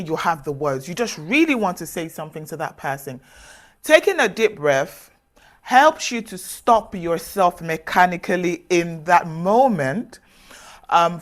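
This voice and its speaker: A woman speaking straight to the listener as a self-development speaker, giving earnest, direct advice in a measured way with emphatic pauses. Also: lowish voice. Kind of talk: motivational advice talk to camera.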